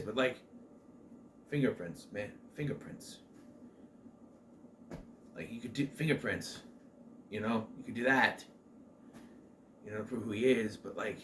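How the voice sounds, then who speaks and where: A man of medium pitch talks through a film review in a loose, chatty way, full of fillers and restarted sentences. A faint noise sits under his voice. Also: fairly bright tone. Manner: rambling, with many fillers and restarts. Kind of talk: casual spoken movie review.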